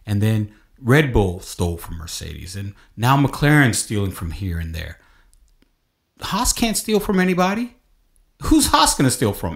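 Animated male sports podcast host. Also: fairly low pitch. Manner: animated, rising to exclaiming rants. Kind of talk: casual sports podcast chat.

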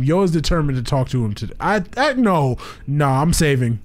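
A man's voice: fairly high pitch, big pitch swings, moderate pace, few pauses, faint music behind. A young man doing a casual let's play, reacting in flustered bursts, repeating himself and saying "bro" a lot. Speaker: gaming YouTuber.

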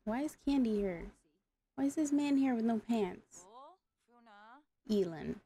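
A woman's voice: on the high side, lively intonation, measured pace, warm tone. A woman giving casual gameplay commentary, exasperated and talking back to the characters on screen. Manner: exasperated, talks to the game characters. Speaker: gaming YouTuber.

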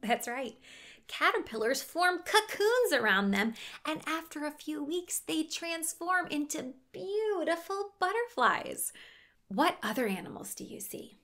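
A young woman with a high, gentle voice leads a toddler lesson in a slow, sing-song way. She gasps with delight, asks coaxing questions and breaks into nursery songs. A ukulele plays softly behind her. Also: expressive. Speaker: host of a toddler learning show. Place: outdoors. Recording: ukulele music playing underneath.

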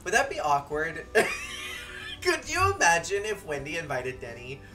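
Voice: mid-range voice, wildly swooping pitch, normal speed, sharp tone. A game streamer giving joking let's-play commentary, with sudden squeals and bursts of laughter. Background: faint game music.

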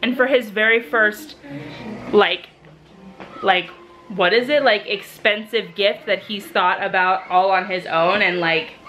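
A woman filming a casual home vlog on a handheld camera in her kitchen, excitable and gushing, tumbling over her own exclamations. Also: mid-range voice, unhurried, slight background noise, rough recording. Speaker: vlogger.

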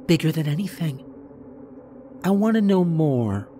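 A man voicing an obsessed young woman who speaks in breathy, excited whispers in a horror story. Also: on the high side, a little slow, slight background noise, voice pushed up. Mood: rapt.

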